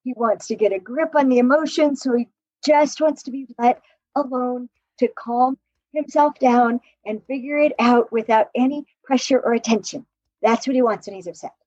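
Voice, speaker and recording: A woman relationship coach telling stories in an animated way, laughing often and acting out quotes in a podcast conversation. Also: on the high side, moderate pace, no echo, highs cut off.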